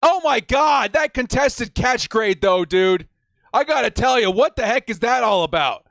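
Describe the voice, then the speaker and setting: A man hosting a live stream, reacting with hype, shouting and whooping, and reading out viewer messages. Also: very high voice, animated, normal speed, creaky, dry recording, studio quality.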